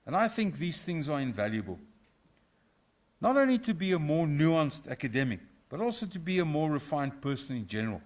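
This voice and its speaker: A middle-aged professor from South Africa, giving a formal inaugural lecture in a measured, reflective way with a touch of humour. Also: male voice, fairly high pitch, big pitch swings. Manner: measured, reflective, lightly humorous. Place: university auditorium.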